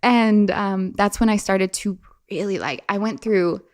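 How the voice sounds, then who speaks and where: A young woman appears as a podcast guest, telling a personal story in a medium-pitched voice at a measured pace. She's chatty and laughs often, with many "like" fillers and restarts.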